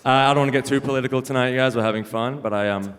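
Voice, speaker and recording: A man's voice: mid-range voice, steady tone, rapid-fire. A young man doing a stand-up comedy set, punchy and wry, laughing at his own jokes on a club stage. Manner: punchy, wry, self-mocking delivery with frequent laughs. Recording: live venue reverb with faint noise.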